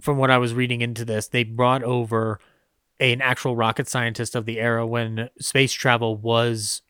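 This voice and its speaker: A man's voice: mid-range voice, level tone, moderate pace, bright, forceful tone, smooth, dry recording, studio quality. A man co-hosting a podcast, talking casually about old films with many fillers and frequent laughs. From United States. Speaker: podcast co-host. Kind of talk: casual film discussion.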